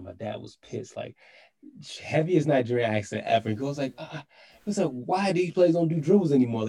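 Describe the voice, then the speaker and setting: A man with a slightly low voice chats casually as a podcast guest. He tells his stories in an animated way and fills them with lots of "like" and "you know". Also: low-quality recording. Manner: animated, filler-heavy storytelling. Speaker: podcast guest, soccer show host. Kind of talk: casual chat.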